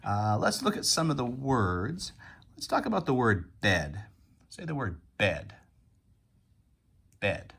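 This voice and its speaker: A man's voice: medium pitch, big pitch swings, slow, creaky, long pauses, fairly bright tone, breathy edge. A man teaching a phonics lesson to young children, patiently sounding out and repeating words.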